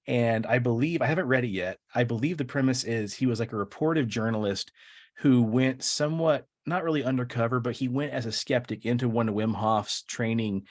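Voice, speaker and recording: A man's voice: medium pitch, a little fast. Podcast host guy, average voice, teases his guest a lot, laid-back chat. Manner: teasing, joking. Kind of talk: casual chat.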